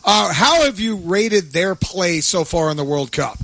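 A man's voice: sits high, expressive, measured pace, a bit bright, no echo. A man hosting sports radio, chatting in an upbeat, chatty way. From Atlanta. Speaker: radio host.

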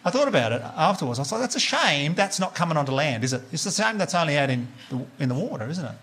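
A man's voice: on the high side, very animated, fast, fairly bright tone. A man with an Australian accent doing a stand-up comedy set in a club, telling chatty stories and teasing the crowd on a handheld mic. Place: comedy club stage with live audience.

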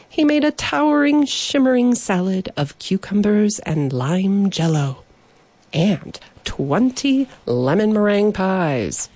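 A woman reading a children's story aloud, slowly and expressively, giving the characters their own voices. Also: low-pitched, a little mellow.

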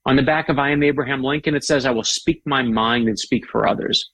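A man's voice: mid-range voice, brisk, dry recording. A middle-aged man, a guest author, chatting with enthusiasm and telling stories. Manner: enthusiastic, animated storyteller. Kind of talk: casual chat.

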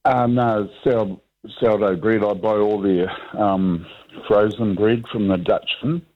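Slow, low New caller on a phone line. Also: male voice, fairly even intonation. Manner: rambling, hesitant, many ums and restarts. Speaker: radio caller. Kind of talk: talkback radio call.

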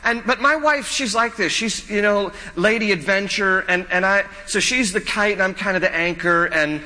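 A middle-aged man preaches to his church in a high, piercingly bright voice, repeating phrases for emphasis and asking his listeners questions. His stories come across as chatty and personal. The sound carries the long reverb of a church sanctuary. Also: normal speed. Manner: conversational, repetitive phrasing, asks the congregation questions. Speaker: pastor. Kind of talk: live sermon with stories.

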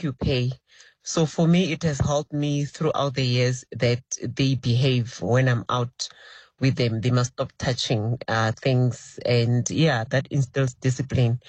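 A man speaks in a recorded voice note, his pitch in the middle range and the sound dry. He talks earnestly and firmly, as if stating a rule he lives by. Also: dry recording. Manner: earnest, firm about discipline. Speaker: listener leaving a voice note.

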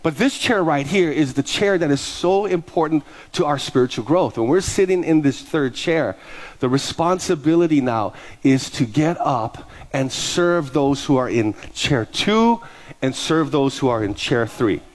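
Speaking at a measured pace in a slightly high voice, a middle-aged pastor delivers a sermon built around stories. He's animated and performs the dialogue of each character.

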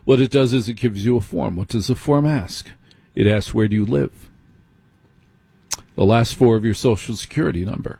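A man's voice: medium pitch, moderate pace, vocal fry, pauses often, dark tone, slightly rough, no room sound. A middle-aged man hosting a late-night radio talk show, speaking conversationally and putting direct questions to his listeners.

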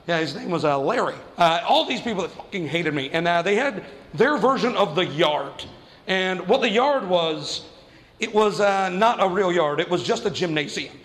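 A man doing stand-up comedy, telling a story fast and animatedly and acting out the voices of the people in it. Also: high voice, expressive, fairly bright tone, big-room sound. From New Mexico.

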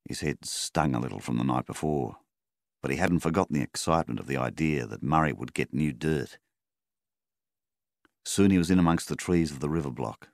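A man reads a story aloud in a measured, unhurried way. His voice is very deep and gravelly. The recording is dry and close. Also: animated, no room sound. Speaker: narrator. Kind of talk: audiobook narration.

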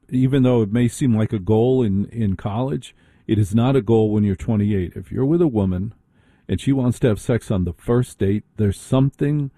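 Very dark-voiced male radio host. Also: medium pitch, no echo, studio quality. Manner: blunt, conversational. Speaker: radio talk show host. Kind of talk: opinionated radio talk.

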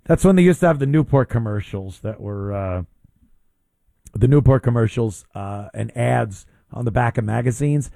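A man's voice: medium pitch, normal speed, gravelly, mellow, no room sound, studio quality. A man hosting a call-in radio show, chatting and teasing callers in a joking way. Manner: teasing, joking, puts on silly voices. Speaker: radio talk show host.

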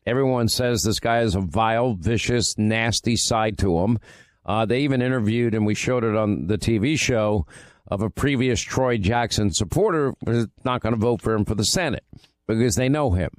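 A man's voice: lowish voice, normal speed, dry recording. Emphatic male talk radio host. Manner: emphatic, repetitive, punchy delivery. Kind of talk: political talk radio monologue with live ad read. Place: radio studio. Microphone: close studio mic. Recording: dry close studio sound.

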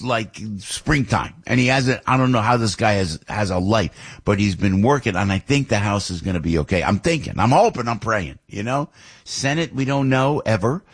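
A man talks loosely to his audience, wandering from story to story with plenty of fillers. His voice sits on the low side and has a husky edge. He sounds like a talk-radio host in easy conversation. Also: normal speed. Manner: rambling, chatty, many fillers and asides. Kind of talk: casual monologue.

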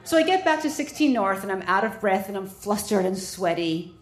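A woman doctor tells a personal story to listeners in a lively, wry way. Her voice sits at a middle pitch, and she leans into comic timing as she goes. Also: a little fast. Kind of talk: stage storytelling.

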